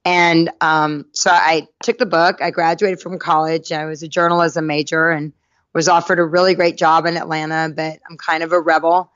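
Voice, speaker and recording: Lively storytelling woman from North Carolina. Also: low voice, moderate pace, no echo, dull audio. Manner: lively anecdotal storyteller, acts out quoted voices. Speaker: podcast guest. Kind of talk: storytelling interview.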